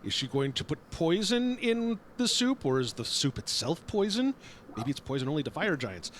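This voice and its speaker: A man's voice: fairly high pitch, sing-song, normal speed, fairly bright tone, slight background noise. A man voicing a tiny, nervous male fire giant who stammers through anxious thoughts.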